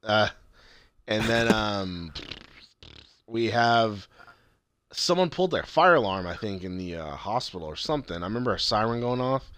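A man's voice: on the low side, animated, moderate pace, long pauses, a bit bright, dry recording. A man co-hosting a casual podcast, recapping a TV episode with lots of swearing and acted-out quotes. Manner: swears often, retells scenes in acted quotes. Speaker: podcast co-host.

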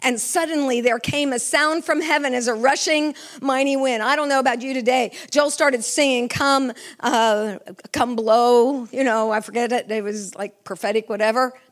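High-voiced middle-aged woman preaching. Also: fairly even intonation, moderate pace, hardly any pauses. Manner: fervent, asks the congregation questions. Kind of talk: sermon.

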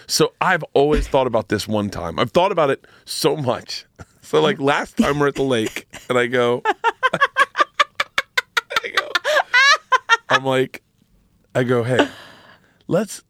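A man's voice: mid-range voice, huge pitch swings, measured pace, pauses often, a bit bright, no echo. A middle-aged man from Florida, guest on a podcast, telling rowdy stories in a rambling way with many restarts. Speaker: comedian guest. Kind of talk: casual podcast chat.

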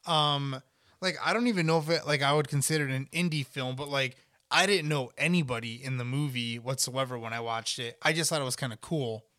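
A young adult man hosting a podcast, talking in a relaxed, joking, casual way. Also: medium pitch, a little fast, no room sound, studio quality. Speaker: podcast host. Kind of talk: casual chat.

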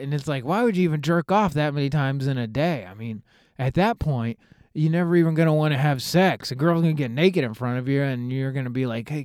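A young man, telling a comedic story on his podcast in a rambling, profane, animated way. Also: mid-range voice, dry recording, studio quality. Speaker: podcast host.

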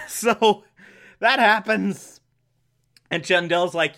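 High, bright-voiced man recapping a show. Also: measured pace. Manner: animated, exasperated, laughing asides. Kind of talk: casual episode recap.

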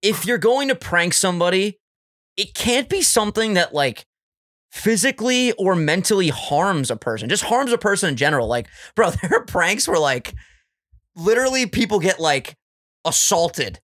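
A young man co-hosting a podcast in casual chat, animated and profane, slipping into put-on voices. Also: high voice, moderate pace. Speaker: podcast co-host.

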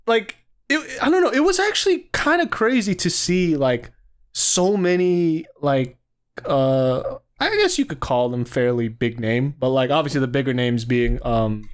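A man co-hosting a podcast in casual chat, rambling with many fillers and frequent laughter. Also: on the high side. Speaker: podcast co-host.

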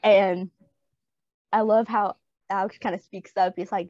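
A woman's voice: mid-range voice, level tone, a little slow, darkish tone, no room sound, highs cut off. A woman co-hosting a podcast, chatting enthusiastically about a TV episode and quoting its characters. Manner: enthusiastic, laughs, quotes characters. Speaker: podcast co-host. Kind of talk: casual chat.

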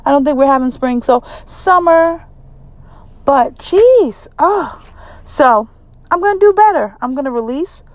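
A middle-aged woman talking casually to her viewers in a vlog, chatty and emphatic, with sudden jumps in pitch. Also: lively intonation, unhurried, no echo. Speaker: vlogger.

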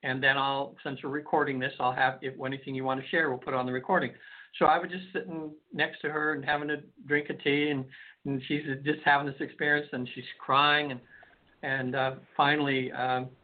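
A man's voice: mid-range voice, little pitch movement, fairly quick. Guy on a narrow phone line rambling thru a story, lots of ums and restarts, hypnotherapist guest. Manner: rambling, many restarts and fillers. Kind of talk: storytelling in a call-in radio interview.

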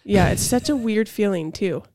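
A woman's voice: mid-range voice, moderate pace, dark tone, dry recording, clean studio sound. A woman in her forties co-hosting a podcast, telling a story in casual chat and acting out quoted lines. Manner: chatty storyteller, plays out quoted dialogue. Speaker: podcast co-host.

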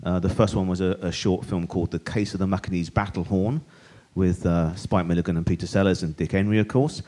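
A man's voice: low-pitched, brisk, warm tone. A man co-hosting a live podcast show on stage, chatty and jokey with filler words. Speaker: co-host. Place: stage before a live audience.

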